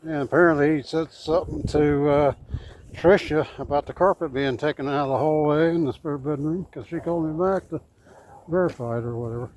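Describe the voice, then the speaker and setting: A man's voice: a little high, fairly quick, poor audio. A man chatting casually during a park walk, answering in short, matter-of-fact remarks. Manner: brief, matter-of-fact replies. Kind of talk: casual chat while walking. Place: outdoors in a park on a cold windy day. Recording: loud wind noise outdoors.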